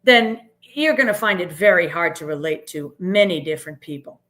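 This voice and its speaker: A woman's voice: on the low side, expressive, moderate pace, a bit bright. Earnest woman. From Boston area, US. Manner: earnest, emphatic, frequent "right?" tags. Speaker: podcast guest. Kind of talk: reflective interview talk.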